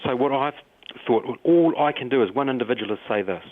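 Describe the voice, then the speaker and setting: A New Zealand man with a New Zealand accent speaks with open passion and emotion. His voice sits at an ordinary middle pitch. It reaches the listener squeezed through a narrow, tinny telephone line. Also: expressive, brisk. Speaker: mayor. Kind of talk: radio interview over the phone.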